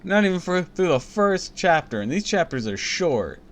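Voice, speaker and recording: A man's voice: high-pitched, very animated, moderate pace, fairly bright tone. A man reading a children's book aloud on a stream, breaking off with crude, joking asides. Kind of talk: casual read-aloud with commentary.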